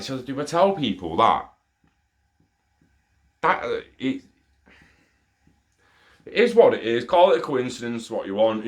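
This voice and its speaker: A young man telling a rambling personal story in a casual monologue, swearing often. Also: lowish voice. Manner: profane, rambling and excitable. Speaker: storyteller sharing an experience.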